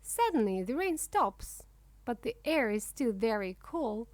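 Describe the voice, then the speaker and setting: A woman reading a children's storybook aloud in a slow, clear way for young English learners. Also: a little high, big pitch swings, darkish tone, dry recording. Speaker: narrator. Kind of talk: children's book read-aloud.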